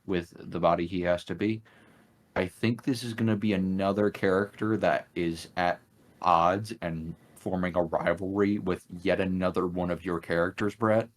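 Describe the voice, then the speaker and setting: Slow, deep-voiced man chatting dryly. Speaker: tabletop game player. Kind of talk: casual chat before an online session. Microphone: computer mic on a voice call.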